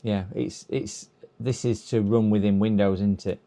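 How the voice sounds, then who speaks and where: Low-voiced man thinking aloud. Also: steady tone, unhurried, gravelly, dark tone. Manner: thinking aloud, hesitant, reading instructions half to himself. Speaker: repair streamer. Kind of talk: casual live-stream chat. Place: repair workbench.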